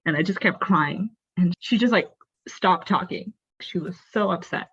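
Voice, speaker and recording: A woman's voice: on the low side, moderate pace, a bit bright, slightly rough, lo-fi sound. A young woman of Bengali family background, speaking candidly and earnestly as a podcast guest, with lots of casual fillers. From raised in a Bengali family. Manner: candid, earnest, uses many fillers like "like" and "you know". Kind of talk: personal storytelling in a conversation.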